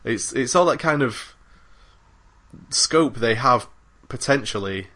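A man with a medium-pitched, sharp-toned voice and lively intonation speaks slowly while co-hosting a gaming podcast. He chats casually about games, rambling and frequently using fillers and restarts.

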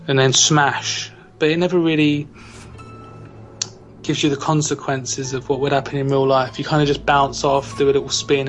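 A British man hosting a casual podcast, joking and teasing his co-hosts. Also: medium pitch. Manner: jokey, teasing banter. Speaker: podcast host. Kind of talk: casual chat.

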